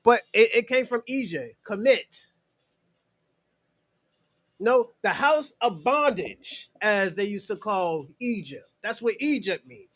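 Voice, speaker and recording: This American man has a high, fairly bright voice and speaks slowly and expressively while responding to his livestream chat. Loose and profane, he keeps saying "you know" and chuckles between points, and the sound is dry and close with no room sound.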